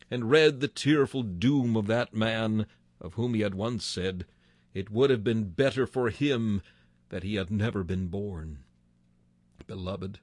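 A man's voice: fairly low pitch, no room sound. A man reading a sermon aloud in a solemn, formal manner, rising to emphatic declamation. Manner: old-fashioned, formal scriptural phrasing. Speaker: preacher.

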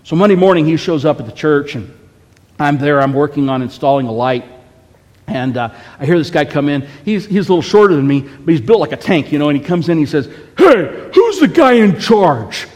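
A man's voice: on the high side, fast talker, darkish tone, big-room sound. A man preaching a sermon as a pastor, telling a story with frequent "okay?" check-ins to the congregation.

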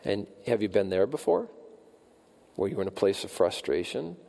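Mellow-voiced preacher in a reverberant hall. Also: male voice, sing-song, gravelly. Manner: rises in pitch and volume when quoting the psalmist's cries, slows for emphasis. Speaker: pastor. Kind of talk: sermon.

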